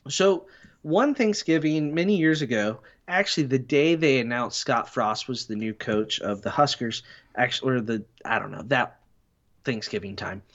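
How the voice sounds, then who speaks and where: A man's voice: medium pitch, moderate pace, fairly bright tone. Man, podcast guest, rambling storyteller, self-deprecating, slightly dull lo-fi audio. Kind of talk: casual podcast chat.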